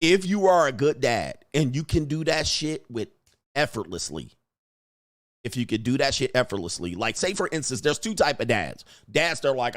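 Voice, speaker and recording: A man hosting a livestream, ranting casually and profanely while acting out quotes in animated bursts. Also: a little high, normal speed. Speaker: livestream host. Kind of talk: casual commentary rant.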